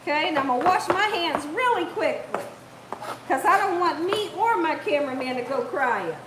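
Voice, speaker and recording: A woman's voice: high-pitched, animated, normal speed, reverberant, background noise. A woman hosting a live cooking stream, chatty and laughing often as she reads the chat aloud. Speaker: cooking channel host. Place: home kitchen.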